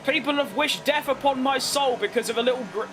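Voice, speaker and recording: A man with a London accent streaming a racing game, chatting with viewers and yelling excitedly at the race. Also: very high voice, a little fast, over music. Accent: London English. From London, England. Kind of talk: live gameplay commentary and chat.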